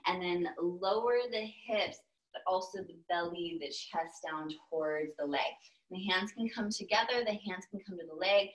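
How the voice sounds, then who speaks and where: A young woman with a Texan accent, a yoga instructor giving calm step-by-step cues with playful asides. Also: lowish voice, poor audio. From Texas, US. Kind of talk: guided yoga class cues.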